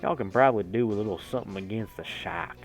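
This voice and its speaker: A rowdy young male partygoer in a visual novel who bellows greetings in an exaggerated fake Southern drawl, as a man reads him out. His deep voice is raised and brash, with faint music underneath. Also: fast, natural voice.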